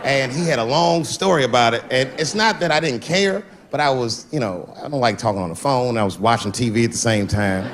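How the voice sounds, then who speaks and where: A man's voice: mid-range voice, a little fast, hardly any pauses, slight background noise. A man doing stand-up comedy, telling stories and acting out the people in them. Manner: animated, switching voices for characters in stories. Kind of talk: stand-up storytelling. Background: audience laughter.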